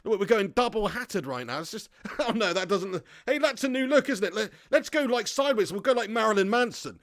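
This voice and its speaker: A man's voice: sits high, lively intonation, fairly quick, few pauses, fairly bright tone, dry recording, clean studio sound. A man hosting a casual football watch-along stream, rambling through jokey banter and laughing often as he reads out viewer chat. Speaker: livestream host reading viewer chat.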